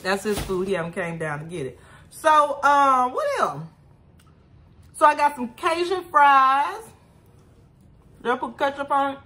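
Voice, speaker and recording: Lady doing a food vlog, talks slow, bright lively voice, keeps saying y'all. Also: high-pitched. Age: adult with a son. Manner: chatty, keeps addressing viewers as y'all. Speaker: food vlogger. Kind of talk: casual eating vlog.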